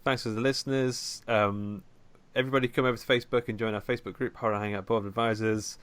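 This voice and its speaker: A man's voice: mid-range voice, quick pace, clear, resonant tone, no room sound. A man hosting a podcast, chatting casually and laughing often as he wraps up the episode. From United Kingdom. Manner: laughs often, relaxed banter. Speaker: podcast host.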